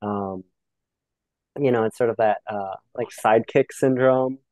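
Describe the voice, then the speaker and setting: A man's voice: medium pitch, a little slow, darkish tone, no echo, poor audio. A young Canadian man speaking reflectively as a podcast guest, often acting out the voices of people he quotes. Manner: reflective, filler-heavy, acts out quoted exchanges. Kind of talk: casual conversation.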